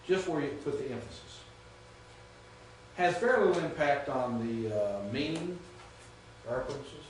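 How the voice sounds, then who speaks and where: A man's voice: on the high side, animated, moderate pace, distant mic, slight background noise. Echoey classroom lecture by a man. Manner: patient, checks understanding often. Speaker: Greek teacher. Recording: echoey room recorded from afar.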